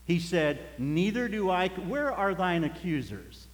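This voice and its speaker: Man, pastor, folksy storytelling sermon, chuckles, higher voice, reverberant church hall. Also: sing-song, unhurried. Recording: echoey hall.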